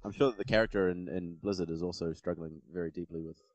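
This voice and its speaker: A man's voice: low-pitched, fairly even intonation, fast talker, a crowd in the background. A man on a casual panel discussion, sarcastic and swearing freely.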